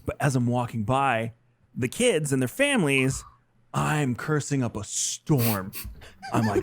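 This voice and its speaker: Man telling a swearing, animated story. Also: mid-range voice, a little slow, a crowd in the background. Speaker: podcast co-host. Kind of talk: casual storytelling chat.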